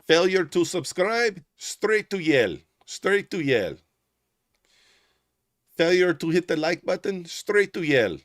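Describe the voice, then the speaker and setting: A man putting on an odd foreign-accented voice to chant a mock-stern catchphrase, loud and slow. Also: high voice, very animated, voice pushed up.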